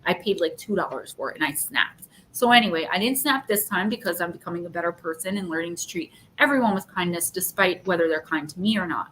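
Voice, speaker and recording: A woman hosting a live chat vents about a frustrating customer service mess. She tells it in a fed-up, animated way and plays out both sides of the calls. A faint low rumble sits under her voice. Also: fast talker. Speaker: livestream host. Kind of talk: casual live chat, telling a story.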